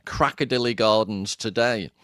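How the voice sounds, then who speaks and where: A man's voice: lowish voice, normal speed, fairly bright tone, clear, resonant tone, no echo, clean studio sound. A man from northern England telling stories and giving opinions in a casual conversation. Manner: storytelling, opinionated. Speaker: guest.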